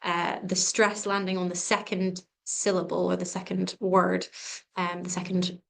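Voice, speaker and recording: A woman's voice: lowish voice, completely flat delivery, unhurried, gravelly. A woman giving a live exam revision session, chatty and informal, with frequent ums and self-corrections. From England. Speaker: revision tutor.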